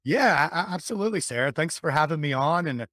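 A man who is a guest on a podcast, talking in an energetic, persuasive way and often repeating words. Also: fairly high pitch, fast talker, no room sound, clean studio sound. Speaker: podcast guest, business coach. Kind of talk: conversational interview talk.

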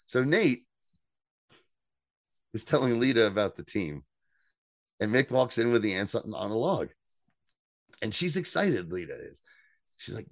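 A man co-hosting a casual podcast, recapping a TV episode with animated storytelling, acting out quotes and swearing. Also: on the low side, normal speed, long pauses, dry recording, clean studio sound. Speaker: podcast co-host.

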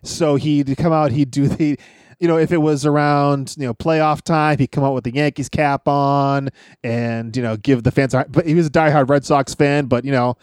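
A man's voice: medium pitch, steady tone, moderate pace, a little mellow, clean tone, no echo, studio quality. A man chatting casually on a wrestling podcast, rambling through old stories and laughing often.

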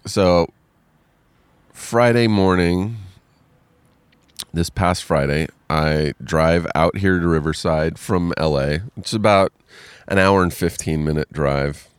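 Deep, clear-voiced man; casual, filler-heavy storyteller, dry close sound. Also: slow pace, pauses often, dry recording. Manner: rambling, filler-heavy retelling with many "like"s.

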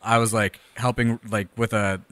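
Low-voiced tipsy man telling anecdotes. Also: little pitch movement, moderate pace, a bit bright, no echo. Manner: laid-back anecdote teller, mimics people he quotes. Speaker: podcast co-host. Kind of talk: casual drunken banter.

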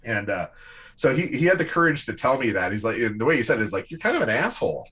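A man, a guest on a conversational show, telling personal stories in an animated, lively way. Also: medium pitch, quick pace, husky. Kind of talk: casual conversational storytelling.

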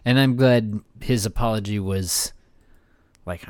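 A man's voice: on the low side, unhurried, dry recording. A man hosting a sports podcast, talking in an easygoing, agreeable way and steering the chat. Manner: easygoing, agreeable, wraps up segments.

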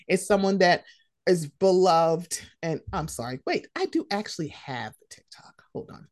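A young woman hosting a casual pop-culture chat, animated and slangy, swearing freely. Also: lowish voice, normal speed, dry recording, studio quality. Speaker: podcast host.

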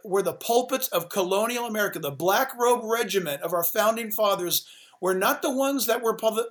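A man's voice: high-pitched, a bit bright. A man who is a pastor, talking with sermon-like passion and driving, repeated phrases. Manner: emphatic, rapid-fire repetition. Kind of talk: impassioned sermon-like talk.

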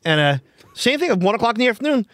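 A man's voice: very high voice, big pitch swings, very fast, a bit bright, dry recording. A man on a podcast, telling rambling anecdotes in casual chat, with frequent restarts. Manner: rambling, restarts, laughs often.

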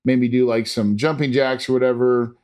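A man's voice: medium pitch, fairly even intonation, brisk, darkish tone. A man earnestly telling a personal story in a casual, rambling way, with frequent restarts and fillers. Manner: imitates monitor beeps.

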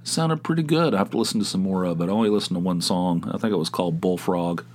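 A man's voice: sits low, fast talker, a little mellow, slight background noise. A man hosting his own podcast, talking casually and meandering with frequent stammered restarts and self-deprecating asides. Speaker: podcast host. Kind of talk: casual solo podcast talk.

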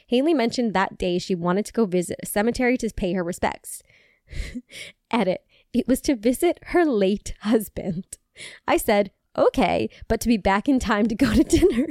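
A woman's voice: mid-range voice, a little mellow, no echo, studio quality. A woman hosting a podcast, reading forum posts aloud and reacting with laughter, swearing and lots of "like.". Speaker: podcast host.

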